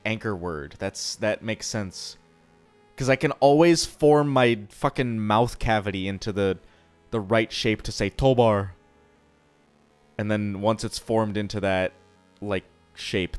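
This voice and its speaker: A man's voice: fairly low pitch, smooth. A man streaming live, chatting casually and answering chat, rambling and swearing freely.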